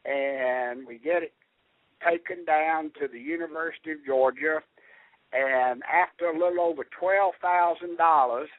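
An older man with a Southern American accent, calling in and chatting in a folksy, halting way. His voice sits a little high. The line is dry, tinny and phone-like. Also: no room sound. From Southern United States. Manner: folksy, halting, with many restarts. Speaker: caller. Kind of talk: casual call-in chat.

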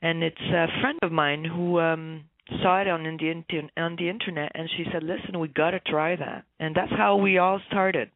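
A woman with a Quebec French accent, a native French speaker, hoarse from a cold and searching for words as a guest in a phone interview. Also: lowish voice, fairly even intonation, normal speed, hardly any pauses. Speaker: interview guest, horseball player. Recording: tinny phone line.

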